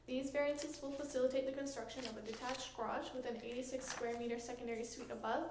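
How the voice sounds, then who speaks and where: A woman planner reading a formal staff report in a measured, procedural way. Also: on the high side, darkish tone. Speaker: municipal planner presenting a report. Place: council chamber. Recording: echoey meeting room with faint noise.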